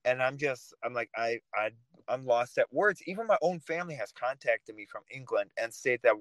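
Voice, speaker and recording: Man, podcast guest, passionate, animated, mid-pitched, dry close recording. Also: moderate pace, no echo, poor audio. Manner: passionate, animated, sarcastic at times. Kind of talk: casual talk show discussion.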